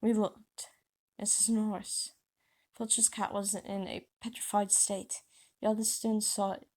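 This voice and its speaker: A woman's voice: medium pitch, flat delivery, measured pace, dark tone. A woman casually reading her own fan story aloud, voicing characters lightly and restarting words as she goes. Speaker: author reading her fanfiction.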